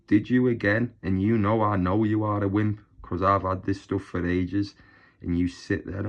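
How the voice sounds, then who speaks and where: A man's voice: on the low side, fairly even intonation, moderate pace, lo-fi sound. A man on a YouTube channel delivering a mocking, boastful rant straight to his rivals. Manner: taunting, boastful, scornful.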